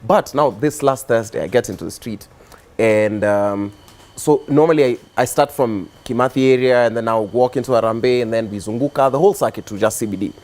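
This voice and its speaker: A young man with a Kenyan accent, a guest on a talk show, telling his story in a relaxed, rambling way with many fillers. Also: mid-range voice, brisk. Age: young adult. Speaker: guest, activist and musician. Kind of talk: casual interview storytelling.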